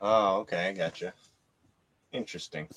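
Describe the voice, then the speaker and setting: A man's voice: sits low, fairly even intonation, normal speed, a bit bright, husky, dry recording. An American man in a casual chat, curious and hesitant, full of likes and restarts. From United States. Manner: curious, hesitant, many fillers.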